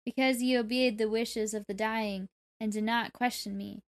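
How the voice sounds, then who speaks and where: A wise giant frog speaks in slow, solemn, archaic words from a storybook, as a woman reads it aloud. The delivery stays measured and formal. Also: on the high side, steady tone, natural voice.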